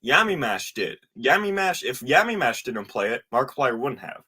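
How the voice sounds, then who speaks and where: A man's voice: mid-range voice, big pitch swings, moderate pace, bright, forceful tone, husky. A man chatting casually with a friend on stream, joking and giving his opinions freely. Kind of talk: casual chat.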